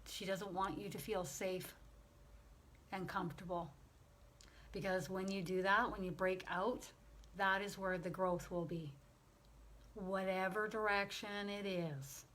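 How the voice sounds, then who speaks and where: Woman medium, unhurried and tender, relaying spirit messages. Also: mid-range voice, fairly even intonation. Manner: slow, gentle and emotional, relaying messages. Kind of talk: channeling session.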